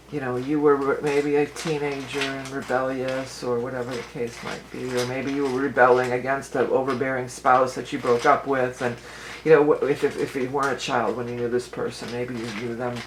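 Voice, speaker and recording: A woman's voice: rumbling low, slight background noise, low-quality recording. A woman giving a casual tarot and astrology reading for her viewers, chatty and rambling, often restarting her sentences and laughing easily.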